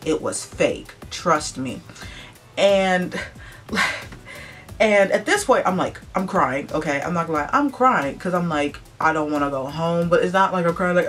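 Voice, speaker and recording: A woman's voice: on the low side, normal speed, faint music behind. A young woman telling a casual storytime vlog, chatty and full of "like", acting out what other people said. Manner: chatty, peppered with "like" and "blah blah blah"; animated, acts out other people's lines. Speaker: vlogger.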